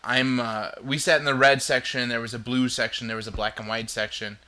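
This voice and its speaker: Male host, chatty and loose, with a very bright tone. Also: medium pitch, fairly even intonation, fairly quick, a little hiss or hum. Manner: chatty, rambling storytelling. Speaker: podcast host. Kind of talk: casual chat.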